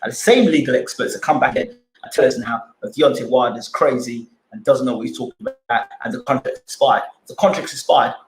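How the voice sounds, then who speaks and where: A man's voice: medium pitch, lively intonation, brisk, hardly any pauses, echoey room, a little hiss or hum, rough recording. A man hosting a boxing channel live stream, arguing his points with repeated rhetorical questions and answering chat.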